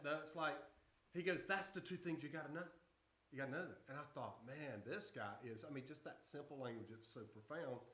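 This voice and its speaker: A male pastor gives a casual Bible lesson to adults in a church room that echoes around him. His voice is bright and forceful. He tells stories in a folksy, conversational way and often stops to restart his sentences. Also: mid-range voice. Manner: folksy, conversational storytelling with self-interruptions. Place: church hall.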